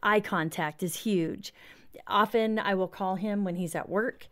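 A woman with a medium-pitched voice speaks as a counselor on an interview show. She explains her ideas by telling everyday stories from her own life. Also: measured pace. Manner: warm storytelling with personal examples. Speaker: marriage counselor, guest. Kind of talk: interview conversation.

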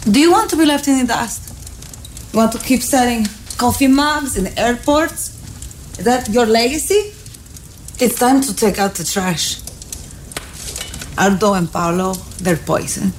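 A cold, scheming Italian-accented wife, commanding and dismissive; film scene. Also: female voice, a little high, expressive, a little slow, pauses often, a little hiss or hum. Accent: Italian-accented English. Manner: commanding, contemptuous. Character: scheming, ambitious middle-aged wife. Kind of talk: film drama acting.

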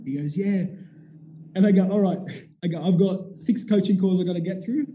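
An animated man in his thirties tells a story in casual chat. He has a very dark, mellow voice that sits a little high for a man and acts out the other people's lines as he goes. A faint noise hisses underneath. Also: a little fast. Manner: animated, acts out quoted dialogue, swears casually. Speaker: business owner telling a story.

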